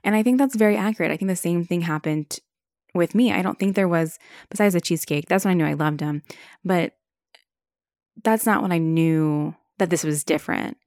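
A woman's voice: on the low side, brisk, darkish tone, no room sound, clean studio sound. A young woman hosting a podcast, talking frankly in a casual monologue, swearing and filling her speech with "like". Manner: frank, swears freely, many "like" fillers. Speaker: podcast host.

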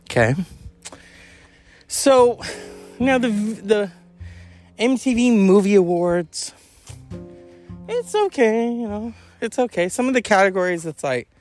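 A man's voice: sits high, sing-song, takes it slowly, long pauses, a little mellow, faint music behind. A man hosting a podcast in a rambling, candid, profane monologue, sighing and yawning as he goes. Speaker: podcast host. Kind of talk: casual monologue.

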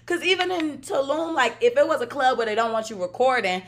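An American woman co-hosting a podcast, telling a travel story in animated casual chat, laughing often and acting out what people said. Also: sits high, brisk. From United States. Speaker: podcast co-host.

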